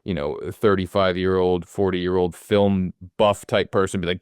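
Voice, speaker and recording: A man in his forties chats about a film on a podcast, rambling and circling back with fillers and quick acted-out quotes. His voice sits low and comes across smooth and resonant. The sound is dry and close. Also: steady tone, no echo. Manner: rambling, lots of fillers and restarts, acts out quotes. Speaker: podcast co-host. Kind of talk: casual film discussion.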